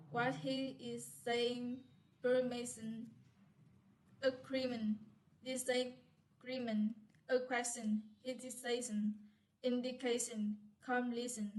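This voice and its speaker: A woman student reads her class presentation aloud in a slow, halting way. Her voice sits a little high and stays flat. She stumbles and restarts often. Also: poor audio.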